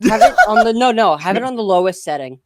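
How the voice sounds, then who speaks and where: A woman's voice: mid-range voice, expressive, fast, no echo. A woman co-playing a game with friends, joking, laughing and swearing. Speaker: let's play co-player.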